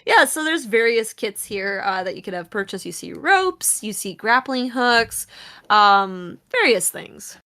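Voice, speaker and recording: A woman's voice: mid-range voice, big pitch swings, unhurried, pushed and bright. A woman narrating as game master of a tabletop game, describing scenes loosely with many fillers. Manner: rambling, many fillers and laughs.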